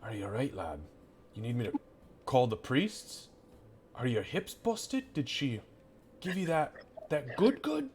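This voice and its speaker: A man voicing a gruff, foul-mouthed male butcher who swears and blusters in a tabletop game. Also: mid-range voice, big pitch swings, unhurried, long pauses, a little mellow, a little hiss or hum. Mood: leering.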